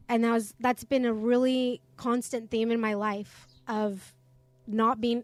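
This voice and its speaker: A woman with a somewhat high voice speaks as a podcast co-host, candid and a little self-deprecating. Her voice is dry and close, with no room echo. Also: a little mellow. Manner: candid and self-deprecating, talks openly about her life. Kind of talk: casual conversation.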